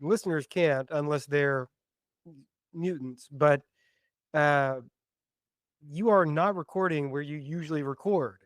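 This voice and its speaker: A man's voice: a little high, slow pace, long pauses, dry recording, clean studio sound. A man co-hosting a casual podcast, teasing and joking with his co-host.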